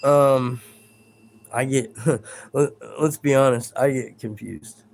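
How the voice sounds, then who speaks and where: Slow-talking man chatting on a live stream. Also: medium pitch, steady tone, gravelly, a little hiss or hum. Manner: rambling, self-deprecating, stumbles over words. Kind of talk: casual live-stream chat reading viewer comments.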